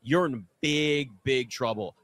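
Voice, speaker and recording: A man's voice: medium pitch, slow, a bit bright. A man hosting a sports talk radio show, making emphatic, repetitive points as he builds his case.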